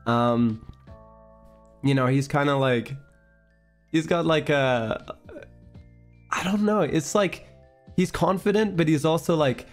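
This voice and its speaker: A male streamer spins a rambling story during a casual chat stream, packing his speech with filler words and giggling frequently. His pitch is medium.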